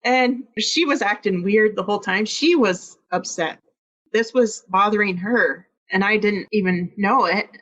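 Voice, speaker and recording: Woman guest retelling a rough family story, candid, slightly dull lo-fi sound. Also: mid-range voice, measured pace. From Iowa. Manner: candid, animated retelling with quoted dialogue. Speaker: podcast guest. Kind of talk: emotional personal storytelling.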